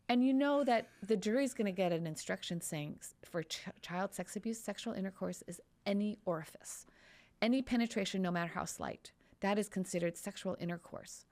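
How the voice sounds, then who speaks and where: A woman hosting a podcast and lawyer who tells a courtroom story in an animated, storytelling way. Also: mid-range voice, fairly quick. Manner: animated, storytelling, reenacts quotes. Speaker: podcast host and trial lawyer. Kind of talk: casual podcast conversation.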